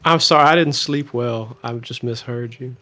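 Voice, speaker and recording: A man's voice: mid-range voice, normal speed, sharp tone. A man playing a tabletop role-playing game, sheepish and joking. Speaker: player.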